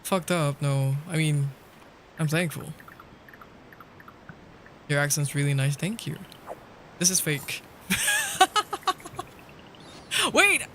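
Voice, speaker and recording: A man's voice: fairly high pitch, steady tone, takes it slowly, long pauses, slight background noise. A man chatting casually and playfully with his viewers while streaming a game, swearing lightly and laughing often. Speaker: livestreamer. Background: faint background music.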